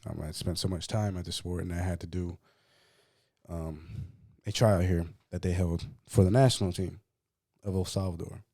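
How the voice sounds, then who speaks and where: A man co-hosting a podcast, telling a personal story in a casual, profane, animated way and acting out what others said. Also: deep voice, moderate pace, no room sound, studio quality. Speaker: podcast co-host.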